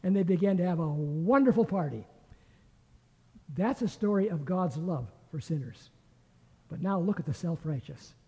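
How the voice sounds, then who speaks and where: An older man teaches scripture in a lively storytelling way, acting out the voices in the story. His voice is dark and a little husky, and a long hall reverb trails behind it. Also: high voice, moderate pace, pauses often. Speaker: Bible teacher. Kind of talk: teaching a Bible class.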